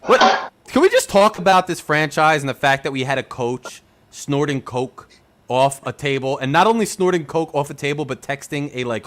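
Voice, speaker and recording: A young man hosts a casual sports talk show, venting in a loose, excitable fan rant. His voice sits high and leaps all over the place. He fills his talk with "like" and asks one exasperated question after another. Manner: animated, ranting, rhetorical questions, says "like" a lot. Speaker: podcast host.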